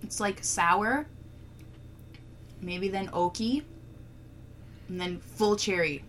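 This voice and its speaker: A woman co-hosting a casual chat, playful and quick to laugh, swearing freely while tasting a beer. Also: mid-range voice, fairly bright tone, slight background noise.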